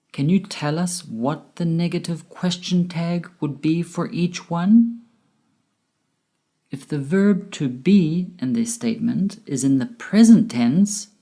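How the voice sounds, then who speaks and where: A woman teaching an English grammar lesson from a script, slow and deliberate, with exaggerated rising and falling intonation on her examples. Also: lowish voice, warm tone.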